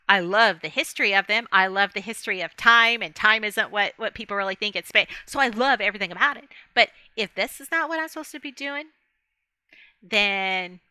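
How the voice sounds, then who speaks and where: Bright, chatty woman vlogger. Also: medium pitch, clean tone, no room sound. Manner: chatty, rambling, laughs often, speaks to viewers directly. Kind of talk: casual rambling monologue to camera.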